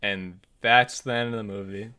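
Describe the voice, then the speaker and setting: A man chatting on a podcast, retelling a film with excited energy and plenty of "like" and "uh." His voice is bright and smooth, and he jumps into the characters' lines as he goes. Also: on the low side, normal speed. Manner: animated, many fillers, acts out characters' lines. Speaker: podcast co-host. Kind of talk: casual chat recapping a film.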